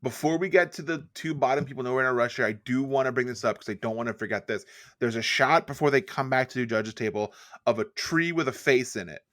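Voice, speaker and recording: Male podcast co-host, casual and deadpan, jokey riffs, dry close mic. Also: medium pitch, fast talker, dry recording. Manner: jokey riffing, deadpan asides. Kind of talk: casual chat.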